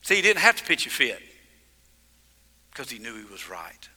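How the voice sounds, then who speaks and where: A male pastor preaching a sermon with emphasis, swinging from loud declarations to hushed lines. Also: medium pitch, very animated, normal speed, husky, big-room sound.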